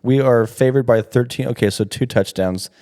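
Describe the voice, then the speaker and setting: A man's voice: mid-range voice, normal speed, warm tone. A man co-hosting a casual sports podcast, easygoing and profane as he leads the game previews. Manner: laid-back, swearing, runs the topics. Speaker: podcast co-host.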